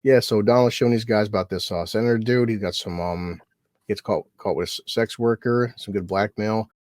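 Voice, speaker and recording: Rambling, low-voiced male recap host. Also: fairly even intonation, brisk, a little mellow, dry recording, clean studio sound. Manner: rambling, profane, acts out scene quotes. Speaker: podcast host. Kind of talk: casual show recap chat.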